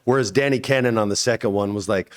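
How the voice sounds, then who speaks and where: A man being interviewed as an actor, telling a story in a loose, conversational way and re-enacting others with sharp jumps in pitch. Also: quick pace. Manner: loose and conversational, frequent restarts and "like". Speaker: actor guest.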